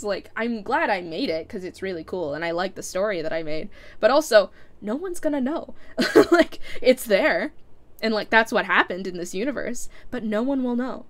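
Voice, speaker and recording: Rambling young woman live streamer. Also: medium pitch. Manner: rambling, laughs often, many "like" fillers. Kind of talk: casual chat ending a live stream.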